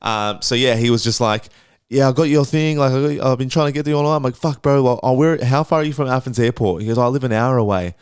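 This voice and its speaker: Fast-talking man telling a story. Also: medium pitch, smooth, dry recording. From Australia. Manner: swears freely, animated retelling with voiced quotes. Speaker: podcast host. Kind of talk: casual storytelling.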